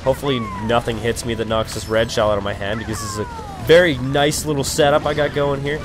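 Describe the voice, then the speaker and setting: A man's voice: mid-range voice, fairly even intonation, fast. A young man rambling through casual gaming commentary, profane and over-caffeinated, with sudden raging outbursts. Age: young adult. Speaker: let's play commentator. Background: game music.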